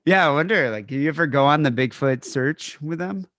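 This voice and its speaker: A man's voice: a little high, brisk, fairly bright tone, no room sound, studio quality. Sweary man in loose podcast chat. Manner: rambling, heavy swearing, trailing off mid-sentence. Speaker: podcast co-host.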